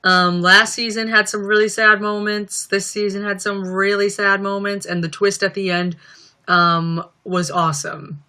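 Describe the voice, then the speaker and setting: A woman's voice: mid-range voice, little pitch movement, measured pace, pushed and bright, clear, resonant tone. A young woman chatting casually on a livestream, reading out viewer comments and rambling with lots of fillers. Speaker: livestream host.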